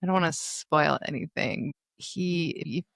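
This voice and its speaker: Woman in her thirties, podcast co-host, fairly low voice, dry close mic, wry deadpan chat. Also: takes it slowly, vocal fry, no room sound. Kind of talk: casual chat.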